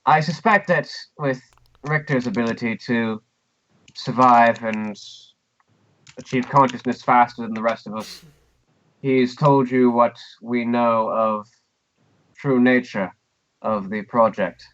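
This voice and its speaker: A man voicing a posh, upper-class British woman informant in a tabletop game, speaking in a measured, formal way with a put-on posh British accent. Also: mid-range voice, steady tone, fairly bright tone, dull audio. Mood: briefing. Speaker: game master voicing a character.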